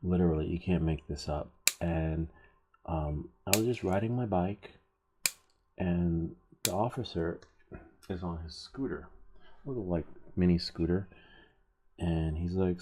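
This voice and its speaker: Male stream host, deep dark husky voice, casual rambling chatter over soldering work. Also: moderate pace. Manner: rambling, chuckling storyteller. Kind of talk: casual chat while soldering.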